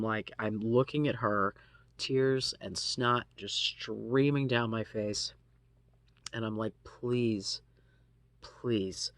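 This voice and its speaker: A man with a lowish voice tells a personal story at an unhurried pace. He speaks haltingly and swears freely, breaking off and restarting his sentences. The sound is close and dry. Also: a bit bright, dry recording. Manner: halting, profane, many restarts. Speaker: vlogger. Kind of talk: casual storytime monologue.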